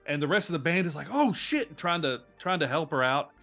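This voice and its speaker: A man narrating as game master of a tabletop role-play game, telling the scene in an animated way with frequent restarts. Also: fairly high pitch, fast, soft background music.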